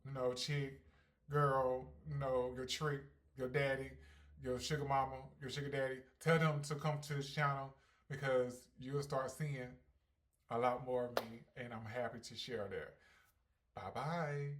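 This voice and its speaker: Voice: mid-range voice, measured pace. Sassy, brash vlogger. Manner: brash, sassy, slang-heavy talk; swings from loud hyped bursts to calm reflection. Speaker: ballroom performer and channel host. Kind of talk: casual Q&A vlog.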